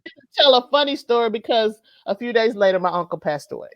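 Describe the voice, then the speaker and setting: A woman telling a family story in a casual group chat, animated and laughing as she goes. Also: on the high side, fast, no room sound, dull audio. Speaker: guest.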